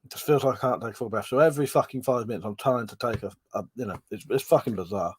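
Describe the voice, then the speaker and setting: Talking fast in a husky, mid-range voice, a man runs a laid-back live stream. He rambles, curses, and reads out comments from the chat, yawning and a bit out of breath as he chats away.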